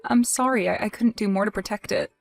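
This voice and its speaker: A woman playing a young wife in a dramatized text-message story, emotional and pleading, with halting restarts. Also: mid-range voice, gravelly, no room sound, soft background music, close to an everyday voice. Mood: grieving. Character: young wife grieving, hurt and indignant.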